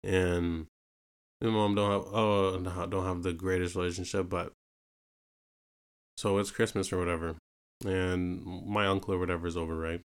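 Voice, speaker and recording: A young man from Canada tells his own story in a loose, rambling way, looping back with filler phrases. His voice sits very low and stays flat in tone, yet it comes through smooth and clear. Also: normal speed, long pauses. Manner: rambling, full of fillers like "you know what I mean" and "right". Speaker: podcast host telling his own story. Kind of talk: casual personal storytelling.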